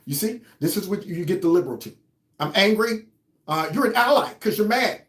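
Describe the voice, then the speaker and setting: A man's voice: high-pitched, lively intonation, fast. A man hosting his own commentary show, talking in a heated, mocking, sarcastic way. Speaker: host. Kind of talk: political commentary. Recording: roomy echo.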